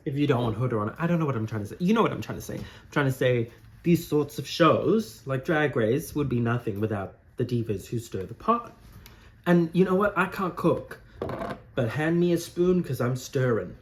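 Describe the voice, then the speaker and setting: A young man hosting an unedited drag makeup tutorial at home, chatting in a campy, rambling, gossipy way as he works. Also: mid-range voice. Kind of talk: casual chatty talk while doing makeup. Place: warm room at home.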